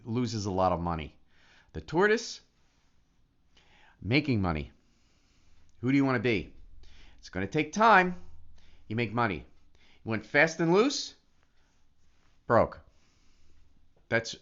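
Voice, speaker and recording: A man talking casually in a vlog, excitable and animated, often restarting his sentences. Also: on the low side. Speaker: affiliate marketer. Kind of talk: casual vlog talk to camera. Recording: dull lo-fi recording.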